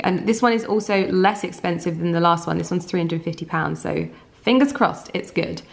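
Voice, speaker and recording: Young woman vlogging at home, chatty, lots of likes and ums, goes quiet and hushed sometimes. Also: on the low side, creaky. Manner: chatty, with frequent fillers like "like" and "um"; drops to soft, hushed speech at night. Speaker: lifestyle vlogger. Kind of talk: casual chat to camera.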